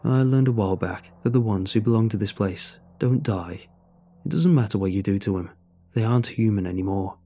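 A man's voice: on the low side, fairly quick, mellow, lightly acted. A man voicing Gary, a blunt, wry, seasoned man in a horror story.

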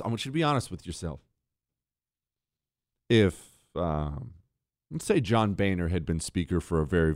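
A man hosting a political talk show, ranting in an exasperated, animated way. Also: mid-range voice, no room sound, studio quality. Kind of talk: opinionated commentary.

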